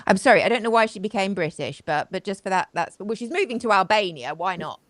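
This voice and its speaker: A woman's voice: medium pitch, animated, quick pace, dry recording. A woman hosting a live stream, giving sarcastic, chatty commentary and talking straight to her audience. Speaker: host. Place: home studio, live video.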